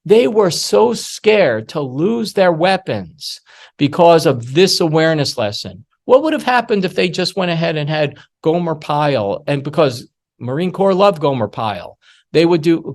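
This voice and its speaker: Animated middle-aged male lecturer, raised pitch. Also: normal speed. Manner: animated storytelling, acting out quoted voices. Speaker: security awareness lecturer. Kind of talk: workshop masterclass talk.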